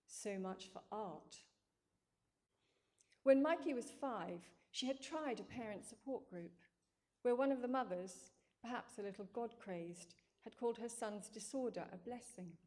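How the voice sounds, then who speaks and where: Calm woman reading a novel. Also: a little high, normal speed. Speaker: narrator. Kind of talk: scripted narration.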